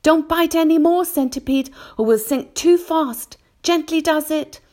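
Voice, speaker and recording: A woman voicing a young boy who calmly leads and gives firm orders in a storybook reading. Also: high-pitched, a little slow, pitched above the performer's own voice. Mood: commanding. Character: young boy, calm leader giving orders.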